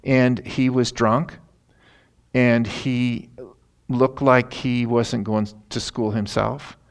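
A middle-aged man, a pastor, telling a story in a sermon in an earnest, animated way. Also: mid-range voice, slow. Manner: earnest, animated retelling with emphatic rises.

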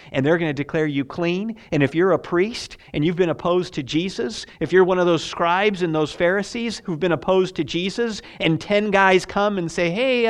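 A man preaching a sermon as pastor, telling the story vividly and swinging between loud emphasis and hushed asides. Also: on the high side.

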